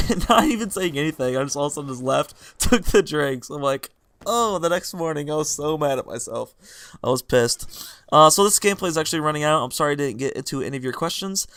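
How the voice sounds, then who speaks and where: Young male gaming vlogger, bright edgy tone, dry close sound, rambling laugh-prone storyteller. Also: a little high, quick pace, no room sound. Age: young adult. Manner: rambling, animated, laughs through his stories. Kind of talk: casual storytelling over gameplay.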